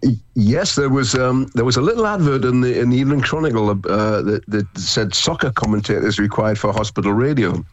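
A man's voice: medium pitch, lively intonation, brisk, no room sound, lo-fi sound. A man in his seventies, a radio football commentator, talking in casual chat on air, rambling and repeating his words as he tells stories. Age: 70s.

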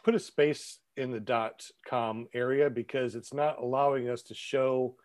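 Man, moderates chat, halting, repeats himself, casual talk. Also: medium pitch, steady tone, darkish tone, dry recording, clean studio sound.

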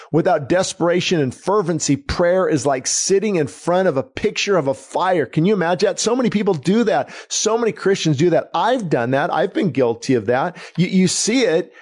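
A man's voice: a little high, a little mellow. Earnest, emphatic male preacher. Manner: earnest, emphatic, repeats phrases, slows for key lines. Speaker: pastor. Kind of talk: sermon.

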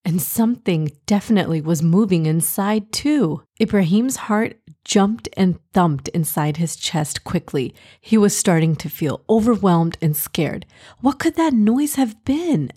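A woman narrating a children's storybook in a gentle, expressive reading manner. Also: on the low side, measured pace, hardly any pauses, breathy edge.

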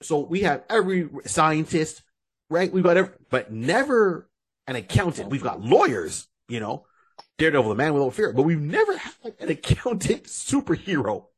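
A man co-hosting a podcast, telling stories in an animated, joking way with frequent restarts. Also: a little high, normal speed, slightly rough. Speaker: podcast co-host. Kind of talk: casual podcast chat.

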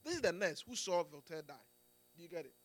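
Emphatic high-voiced preacher. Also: male voice, big pitch swings, quick pace. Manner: emphatic, with frequent restarts and "Amen"s and "Do you get it?". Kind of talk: sermon.

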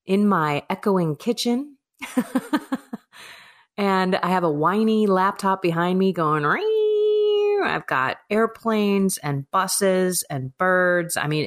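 Unhurried woman hosting a faith podcast, chatty and emphatic, recorded in an echoey kitchen. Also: lowish voice, fairly bright tone. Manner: chatty, emphatic, self-deprecating. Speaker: podcast host. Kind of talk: devotional podcast monologue. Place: echoing home kitchen. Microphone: microphone with laptop. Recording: echoey kitchen with faint music.

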